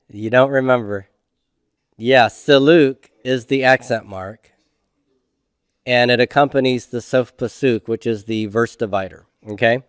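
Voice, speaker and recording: A middle-aged Hebrew instructor teaches a grammar class, explaining things slowly and methodically, step by step, and frequently asking "okay?" to check in. His medium-pitched voice is clear and resonant, captured as clean studio sound without echo.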